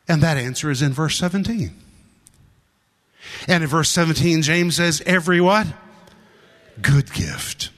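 A man's voice: on the high side, fairly bright tone. A man preaching a sermon, emphatic and repetitive, stressing his points and acting out the scripture he quotes. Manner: emphatic, repeats lines for stress.

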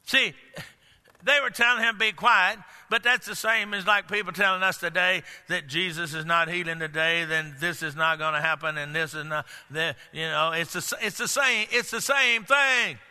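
An older man preaching a sermon, swinging between loud outbursts and low hushed lines. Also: normal speed, smooth. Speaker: pastor. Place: large church hall. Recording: long hall reverb.

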